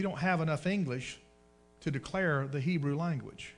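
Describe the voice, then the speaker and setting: A man's voice: fairly high pitch, moderate pace, soft background music. A man preaching a sermon, telling folksy stories, using dialect and dragging out words for emphasis. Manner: folksy storytelling, dialect double negatives.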